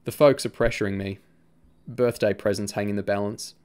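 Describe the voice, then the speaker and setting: A man voicing a cheeky, excitable teenage schoolboy who teases his friend and bursts out laughing. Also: fairly low pitch, moderate pace, smooth, close to an everyday voice. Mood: evasive.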